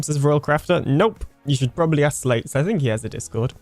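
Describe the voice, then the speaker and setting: A man's voice: mid-range voice, expressive, slow pace, long pauses, a little mellow, dry recording. Young British male streamer, casual and chatty, laughs easily, reads chat aloud, faint music behind. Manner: chatty, laughs often, trails off mid-sentence. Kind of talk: casual live-stream chat reading comments.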